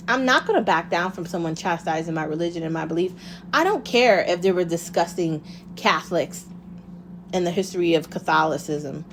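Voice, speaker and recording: A woman in the middle of a heated casual monologue, talking fast and hard, throwing out rhetorical questions and swearing as she goes. A faint hiss of background noise runs underneath her voice. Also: on the low side. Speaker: vlogger.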